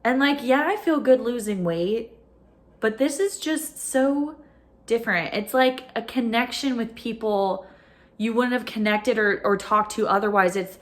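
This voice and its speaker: A woman's voice: on the high side, unhurried. A woman vlogging to her phone camera at home, gushing and emotional, with lots of fillers. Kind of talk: casual chat to camera.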